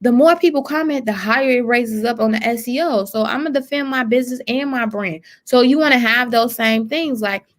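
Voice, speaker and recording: A woman's voice: on the high side, a little fast, few pauses. A woman coaching on business marketing in a casual, emphatic way, often repeating words as she gets worked up. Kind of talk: casual business advice talk.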